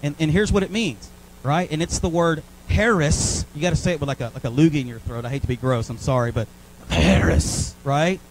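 A man's voice: mid-range voice, fast, a little hiss or hum, low-quality recording. A man with a Southern US accent preaching a sermon in church, often checking in with the congregation with "right?" and "okay?". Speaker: pastor. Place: church sanctuary.

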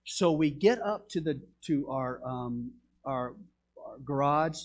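Man, middle-aged pastor, husky, animated sermon delivery with shouted peaks. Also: a little high, slow pace. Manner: animated storytelling, shouting when excited.

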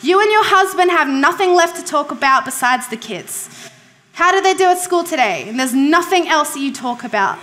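A woman's voice: high-pitched, expressive, moderate pace, pushed and bright. A woman pastor preaching a sermon in a conversational, emphatic way, asking the congregation questions and repeating key phrases.

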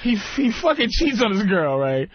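High, lively man teasing crudely. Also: moderate pace, a little hiss or hum. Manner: crude, teasing, laughing ribbing. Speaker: comedian guest. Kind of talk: casual radio talk. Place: radio studio. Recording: dull lo-fi radio broadcast.

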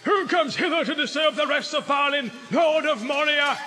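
A man's voice: high-pitched, big pitch swings, fairly quick, pitched above the performer's own voice. A man reading aloud and voicing a grave, commanding old wizard in an audiobook, urgent in his declamations. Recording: loud music under the voice.

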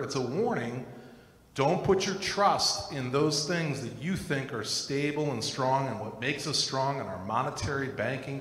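A man's voice: mid-range voice, a bit bright. Earnest man preaching in an echoey room. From United States. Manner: earnest, personal testimony mixed with scripture. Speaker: Christian teacher. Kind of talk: recorded sermon. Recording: echoey room with long reverb.

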